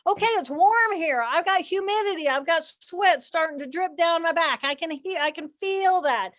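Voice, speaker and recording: An older woman giving an animated, expressive teaching talk outdoors by the water, acting out inner voices as she explains. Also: sits high, a little fast, few pauses. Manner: expressive, acts out inner voices with dramatic shifts. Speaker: guest speaker, neuroanatomist.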